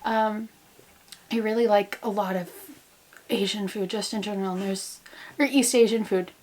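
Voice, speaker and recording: This American vlogger and grad student in her twenties has a medium-pitched, slightly mellow voice with fairly even intonation and normal speed, with slight background noise. At home in quarantine, she rambles goofily to camera, joking about herself.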